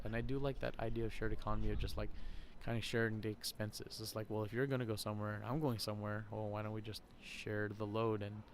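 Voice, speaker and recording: Laughing often, a man hosting a podcast talks casually and rambles his way through a vlog monologue outside a shopping center. His pitch is fairly low, with slight background noise and a faint outdoor crowd behind him.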